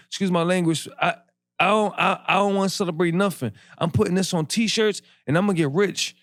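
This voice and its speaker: Philly dude in his 40s on a podcast, slangy and worked up, kinda high voice, dry close mic. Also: fairly quick, dry recording. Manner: animated street slang, grows impassioned. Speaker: podcast guest, clothing brand founder. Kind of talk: casual interview storytelling.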